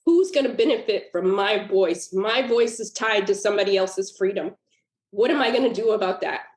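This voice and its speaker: A woman's voice: mid-range voice, normal speed. Earnest woman storyteller in a roomy echo. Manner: earnest and emotional, with laughs breaking into the telling. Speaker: guest author. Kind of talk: personal storytelling in a podcast interview.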